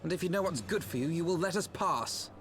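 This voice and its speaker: A man's voice: a little high, lively intonation, fairly quick, noisy background, natural voice. An actor voicing an earnest young nobleman in a video game cutscene, speaking formally, polite but firm.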